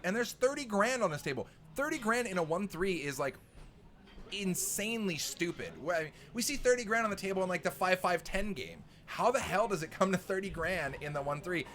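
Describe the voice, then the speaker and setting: A man calls a live poker stream from the commentary booth. His voice sits fairly high, and he bounces between breaking down hands and playful banter. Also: normal speed. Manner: animated, joking banter.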